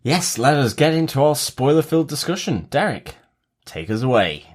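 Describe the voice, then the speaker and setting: A man's voice: mid-range voice, big pitch swings, moderate pace. A man co-hosting a casual podcast, dry and understated. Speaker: podcast co-host.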